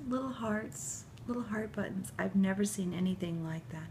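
A middle-aged woman unboxing handmade baby clothes for her video channel, gushing and tearful, often dropping to a breathy whisper. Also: medium pitch, normal speed, a little mellow, slight background noise. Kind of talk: emotional unboxing chat to camera.

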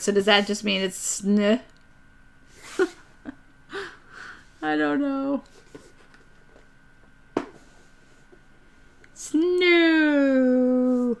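A young woman chatting casually and excitably about board games on her live stream, rambling with fillers. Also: medium pitch, smooth.

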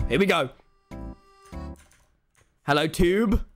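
Excitable young man streaming a game. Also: sits high, extremely slow, soft background music. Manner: excitable, frequent laughing and yelling, repeated words. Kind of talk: live gameplay stream commentary.

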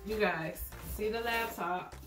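Chatty, excitable young woman vlogging in an echoey room. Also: mid-range voice, measured pace. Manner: chatty and excitable, often addresses viewers as y'all. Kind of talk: casual unboxing vlog. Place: at home, in pajamas. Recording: echoey room with loud music behind.

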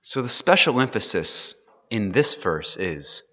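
A man's voice: lowish voice, sing-song, a little slow, bright, forceful tone. A man teaching an earnest, sermon-style Bible class, pressing his listeners with rhetorical questions. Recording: dull, echoey hall recording.

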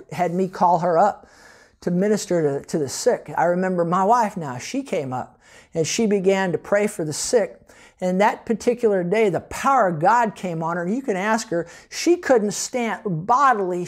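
A man preaching a sermon as pastor, telling personal testimony stories with emphasis and occasional laughter. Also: high voice. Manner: storytelling, emphatic, laughs between points.

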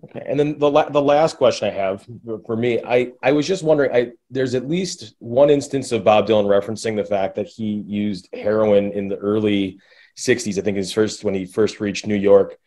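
A man's voice: fairly low pitch, normal speed, mellow. A man hosting a podcast interview, asking long rambling questions with many restarts.

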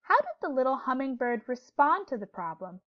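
A woman teacher leads a storybook lesson for young children, her voice lively and rising and falling with a higher pitch. She asks questions gently and clearly, and the recording sounds dull and lo-fi. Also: fairly quick.

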